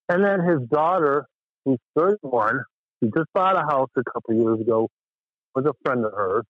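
A man calling in from Western Massachusetts, rambling and exasperated as he tells his story. His slightly high voice comes through a tinny phone line that sounds dry and close. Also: expressive, normal speed, no room sound. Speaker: caller. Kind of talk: casual call-in chat.

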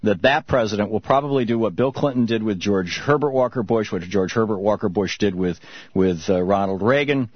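Middle-aged male talk-radio host, low and husky, dull dry broadcast audio. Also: dry recording. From Michigan, US. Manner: reflective storytelling, halting with restarts.

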